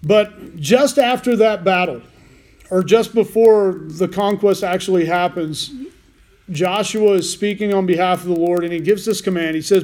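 A man's voice: high voice, normal speed, a little mellow. A man preaching a sermon as pastor, folksy and joking, with frequent restarts and asides.

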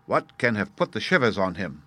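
A man reading the part of a sharp, impatient male detective with a brisk, incisive delivery. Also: lowish voice, big pitch swings, no room sound, full character voice. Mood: puzzled.

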